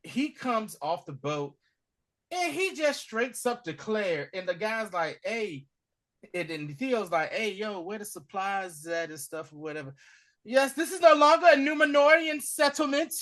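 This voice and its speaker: Animated man recapping a show. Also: high voice, unhurried. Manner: animated retelling, acting out characters' lines in a slangy voice. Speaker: podcast host. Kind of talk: casual episode recap.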